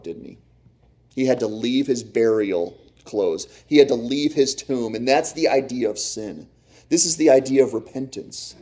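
Mellow-voiced pastor preaching emphatically. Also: male voice, medium pitch. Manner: emphatic preaching, swinging between loud and hushed. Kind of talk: sermon.

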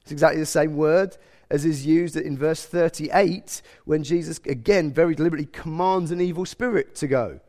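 Male preacher, slightly higher voice, chatty expository sermon delivery. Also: brisk, a little mellow. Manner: expository, conversational with self-corrections.

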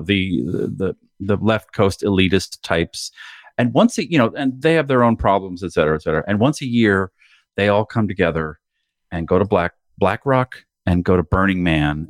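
A man's voice: sits low, no echo, studio quality. A man co-hosting a podcast, rambling and swearing as he riffs sardonically in casual banter. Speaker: podcast co-host.

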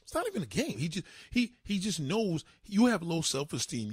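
A man hosting a livestream, ranting in a profane, animated way. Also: sits high, normal speed, few pauses, husky, dry recording, clean studio sound. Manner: profane, animated, swinging delivery. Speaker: livestream host. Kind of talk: ranting comedic commentary.

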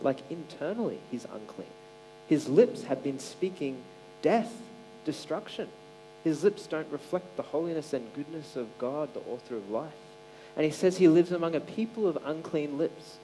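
A man's voice: a little high, warm tone, slight background noise, rough recording. A man giving a casual, conversational sermon, with many fillers and restarts. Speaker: preacher.

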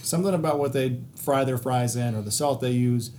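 A man's voice: medium pitch, brisk, slight background noise. A man co-hosting a podcast, telling a story casually with plenty of swearing. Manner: profane, animated anecdote-telling with quoted voices. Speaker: podcast co-host.

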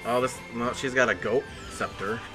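A man's voice: medium pitch, steady tone, moderate pace, music in the background. A man hosting a casual podcast chat, eager and rambling as he talks. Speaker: podcast host.

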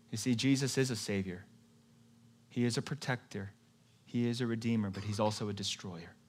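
A male pastor giving a sermon in a conversational way, moving between quiet, low passages and emphatic, louder ones.

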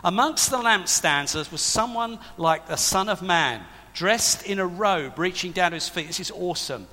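A man's voice: high-pitched, lively intonation, moderate pace, sharp tone. A man preaching a sermon to a congregation, emphatic and conversational, with asides to the people in front of him. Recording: long reverb of a large hall.

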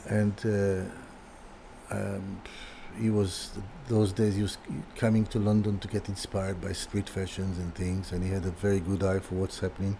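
A lowish, mellow voice belongs to an older man recounting his early days as a designer. He talks in a halting way, repeating words and restarting sentences as he goes. A faint hiss sits behind him. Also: level tone, creaky. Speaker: guest, furniture designer. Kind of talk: casual anecdotal storytelling.

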